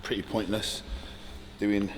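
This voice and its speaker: A bodybuilder giving a casual gym workout tutorial, chatty and relaxed, with lots of ums. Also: male voice, fairly low pitch, takes it slowly, big-room sound, a little hiss or hum. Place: echoey gym. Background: music playing.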